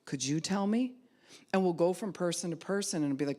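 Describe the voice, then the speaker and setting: A woman pastor preaching a sermon, acting out quoted voices and dropping to a soft hush at times. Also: on the low side, fairly quick.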